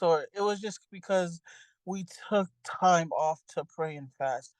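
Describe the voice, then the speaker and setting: A woman's voice: fairly low pitch, a little slow, a little mellow, no room sound, rough recording. Earnest woman rambling with many fillers. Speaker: youth ministry leader. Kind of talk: testimony in a church interview.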